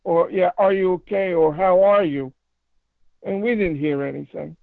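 A man telling a paranormal story in a casual phone interview, rambling and halting with many restarts. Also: high voice, no room sound. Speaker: paranormal investigator guest. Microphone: phone call. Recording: tinny phone line, fry.

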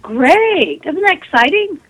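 A woman's voice: very high-pitched, very animated, takes it slowly, fairly bright tone, dry recording, rough recording. A woman recounting her experiences earnestly as a guest on a radio interview. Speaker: guest, spiritualist medium. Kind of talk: storytelling interview.

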